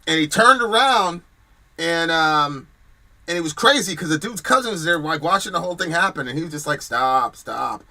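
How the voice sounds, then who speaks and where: A man from New York telling a story in casual chat, animated, acting out what people shouted. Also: fairly high pitch, brisk. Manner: animated storyteller, shouts quoted lines, swears. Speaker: co-host.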